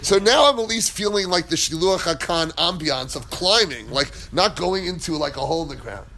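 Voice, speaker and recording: A man with a somewhat high voice gives a relaxed Torah class. He talks in a chatty, wandering way and breaks into laughter as he tells stories. A faint background noise sits under his voice. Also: moderate pace, vocal fry. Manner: chatty, digressive, laughs while telling stories. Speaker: Torah teacher. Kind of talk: casual Torah class with storytelling.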